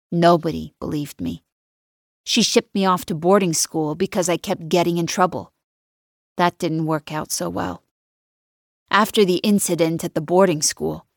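A woman narrating a first-person audiobook in a calm, cool and controlled manner. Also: lowish voice, dry recording, clean studio sound.

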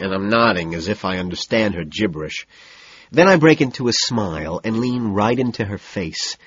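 A man narrating a novel in the first person, in a cool, measured, deadpan manner. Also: on the low side, slightly rough, no echo, lo-fi sound. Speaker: audiobook narrator.

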